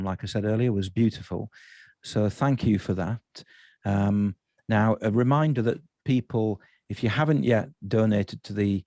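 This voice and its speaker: A man's voice: lowish voice, a little mellow, no echo. A man hosting an online festival session, asking rambling questions and correcting himself as he goes.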